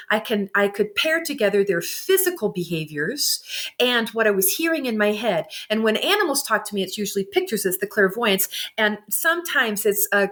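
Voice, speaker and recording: A woman giving an animated, expressive interview as a guest, quick to laugh. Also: medium pitch. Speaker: guest, psychic medium and animal communicator. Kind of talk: candid conversational interview.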